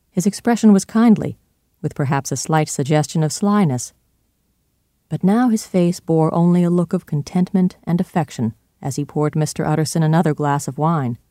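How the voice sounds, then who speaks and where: A narrator giving a measured, even-paced storybook reading. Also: medium pitch, no echo, clean studio sound.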